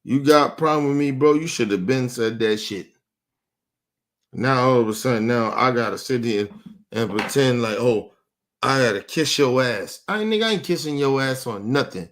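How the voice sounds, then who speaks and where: A man's voice: medium pitch, lively intonation, normal speed, a bit bright. Angry man ranting in street slang. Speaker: podcast host. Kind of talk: heated rant to camera.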